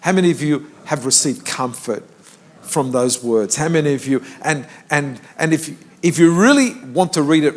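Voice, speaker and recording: An older man, a pastor, preaching a conversational sermon in church and rising in pitch when he stresses a point.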